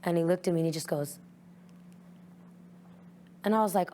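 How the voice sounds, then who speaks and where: Low-voiced woman animatedly recalling. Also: fairly quick, long pauses. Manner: animated, acting out quoted dialogue. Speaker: interviewee. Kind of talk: interview recollection.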